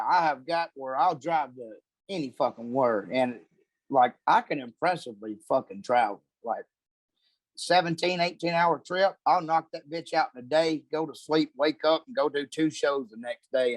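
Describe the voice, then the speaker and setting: A man's voice: on the high side, normal speed, no room sound. A man, a comedian guest telling profane, rambling stories in casual chat.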